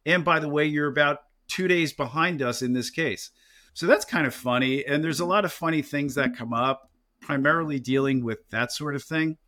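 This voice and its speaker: Jersey guy lawyer on a podcast, bright voice, tells stories and mimics other lawyers. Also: fairly high pitch, normal speed. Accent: New Jersey. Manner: storytelling, animated mimicry of opposing lawyers. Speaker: injury lawyer, podcast co-host. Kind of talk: casual podcast chat.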